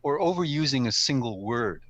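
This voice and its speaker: A man of middle pitch gives friendly, unscripted advice on public speaking. He talks conversationally, pausing with ums and correcting himself as he goes. He comes across as an older, experienced speaker. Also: animated, a bit bright. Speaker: guest speaker, speaking coach. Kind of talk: casual instructional talk. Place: live stream studio or room.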